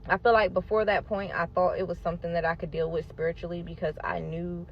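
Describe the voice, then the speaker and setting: A woman telling her own story in a casual storytime monologue, emphatic and animated, acting out what people said and talking straight to her listeners. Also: fairly low pitch, fast, highs cut off, slight background noise. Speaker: storyteller sharing a personal testimony.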